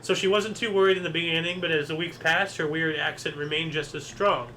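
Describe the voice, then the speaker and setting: Casting: high, bright male host, casual and jokey, reads offbeat headlines, faint hiss behind. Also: steady tone, brisk, low-quality recording. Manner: joking, rambling, reads headlines aloud. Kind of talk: casual news recap chat.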